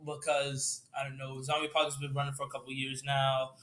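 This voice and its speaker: A man's voice: medium pitch, monotone, fast, fairly bright tone. A young man improvising a story, hesitant and full of fillers, laughing easily. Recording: roomy echo.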